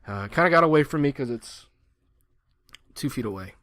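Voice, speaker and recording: A man's voice: mid-range voice, expressive, moderate pace, fairly bright tone, no echo, studio quality. A man in his twenties giving rambling, joking gameplay commentary and mocking himself. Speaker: gaming channel host.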